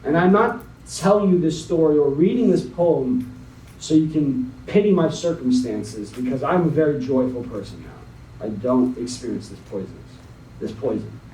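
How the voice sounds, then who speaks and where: A young man as a guest speaker, slowly and dramatically reading a spoken word poem, then talking to a young audience. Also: medium pitch, expressive, dark tone, slight background noise. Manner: slow, dramatic poetry reading. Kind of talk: spoken word poetry then motivational talk. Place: conference hall. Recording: echoey hall, mic at a distance.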